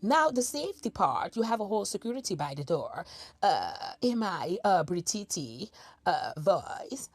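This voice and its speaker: A woman's voice: lowish voice, very animated, normal speed, breathy edge, dry recording. Sassy scolding woman commentator. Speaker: commentator reacting to clips. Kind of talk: mocking reaction commentary.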